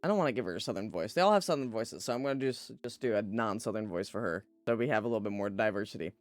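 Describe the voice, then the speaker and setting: A woman's voice: extremely low pitch, animated, rapid-fire, no echo. A young woman streaming a game, making casual, wry asides with some swearing. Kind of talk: let's play commentary.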